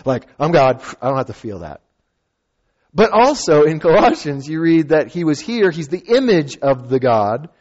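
A man preaching a sermon as a pastor, conversational and animated, with playful asides and acted-out quotes. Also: on the high side, lo-fi sound.

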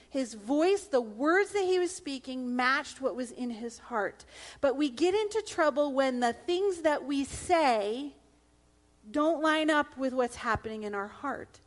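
A middle-aged woman pastor preaching a sermon in an earnest, emphatic manner, sometimes dropping to a hush. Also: high-pitched, animated, unhurried.

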